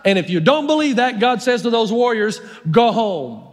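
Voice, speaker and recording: A man's voice: extremely high pitch, lively intonation, brisk. A male pastor preaching a sermon, storytelling and emphatic, with long hall reverb. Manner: storytelling, emphatic, varies his pace.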